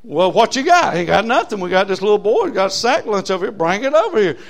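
A man preaching a sermon as pastor, folksy, swinging from loud emphasis to low asides. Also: big pitch swings, quick pace, gravelly.

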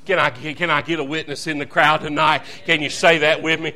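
A man's voice: fairly high pitch, flat delivery, a little fast, few pauses, bright, forceful tone. A man preaching a fervent, folksy revival sermon as a visiting preacher, calling out to the congregation.

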